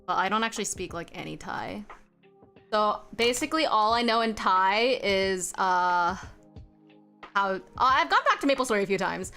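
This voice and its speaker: A woman's voice: medium pitch, expressive, moderate pace, pushed and bright, faint music behind. A woman streaming while she draws, chatting casually with viewers, answering the chat aloud and laughing often.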